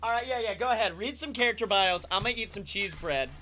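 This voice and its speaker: A man co-hosting a podcast, chatting casually and telling animated stories from home. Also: sits high, fast talker. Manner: animated storyteller, acts out characters, laughs a lot. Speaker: podcast co-host. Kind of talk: casual comedic chat.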